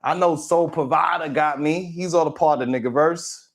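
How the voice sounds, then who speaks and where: A man's voice: a little high, moderate pace. A man hosting a morning show livestream, chatting casually and joking as he talks straight to his viewers.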